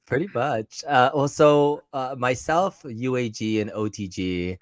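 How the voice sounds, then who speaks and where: A man's voice: medium pitch, a little slow, dry recording. A tired man on little sleep, telling a rambling story in laid-back casual chat as a podcast co-host.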